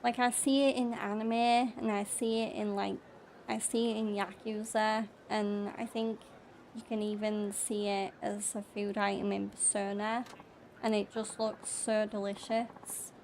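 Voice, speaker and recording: A woman's voice: medium pitch, level tone, unhurried, darkish tone, slight background noise. Chatty British woman streaming games. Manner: chatty, laughs often, reads chat aloud. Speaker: gaming streamer. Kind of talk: casual gameplay commentary.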